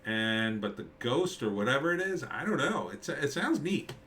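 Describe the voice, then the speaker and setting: A man's voice: mid-range voice, sing-song, normal speed, pushed and bright, a little hiss or hum. A middle-aged man, a screenwriter, giving casual rambling commentary on a movie trailer, thinking aloud with many fillers and restarts. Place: at home with a dog nearby.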